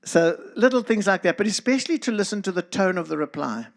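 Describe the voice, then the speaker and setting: A middle-aged guest speaker with a South African accent gives an earnest talk to a church congregation, addressing listeners by name. His voice is high-pitched, gravelly and expressive, and he speaks at a quick pace.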